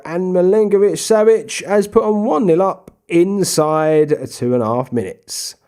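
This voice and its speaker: A man's voice: high-pitched, measured pace, clean tone. Chatty man commentating a game. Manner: chatty, bursts into excited shouting over goals. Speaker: gaming YouTuber. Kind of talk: casual Let's Play commentary.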